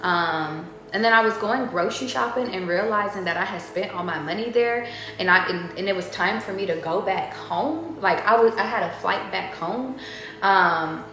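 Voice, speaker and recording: With a fairly bright, medium-pitched voice at a moderate pace, a female tarot reader drifts casually from story to story, laughing a lot and cursing without hesitation. Faint music plays in the background of a very echoey room.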